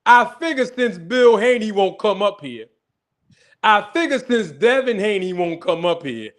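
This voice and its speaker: Lively high-voiced man hosting a livestream. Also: measured pace. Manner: animated, laughs often, greets viewers in the chat. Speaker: host of a boxing talk livestream. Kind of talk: casual livestream commentary.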